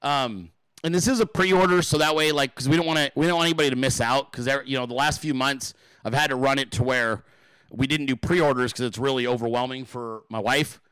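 A man's voice: mid-range voice, steady tone, fairly quick, fairly bright tone, smooth, no room sound, rough recording. A man hosting his own talk show, venting in an angry, profane, blunt monologue to his viewers. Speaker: show host.

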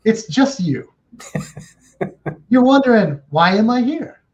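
A gruff, no-nonsense mentor with a raised, pushy voice, as a man puts him on while telling a story. He talks bluntly and swears now and then. The audio is a little dull and lo-fi. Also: sits high, very animated, slow pace, pitched above the performer's own voice, exaggerated voice. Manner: blunt, provoking, salty language.

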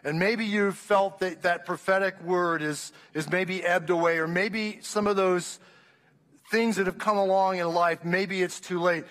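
A man around sixty preaches to his congregation with a notably high, ringing voice. He tells his story with passion, often restarting his sentences. His words roll out into the long echo of a church hall. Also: fairly even intonation, unhurried, fairly bright tone. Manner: impassioned storytelling with frequent restarts. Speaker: pastor. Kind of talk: sermon testimony.

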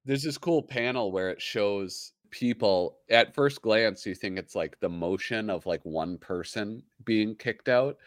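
A man co-hosting a comic book podcast in relaxed casual chat. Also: fairly low pitch, measured pace, hardly any pauses, no room sound. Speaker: podcast co-host.

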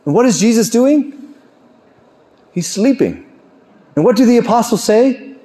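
Male preacher, earnest sermon delivery, voice on the higher side, slows and softens on key lines. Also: big pitch swings. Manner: earnest, rising on questions and dropping low and slow on key lines.

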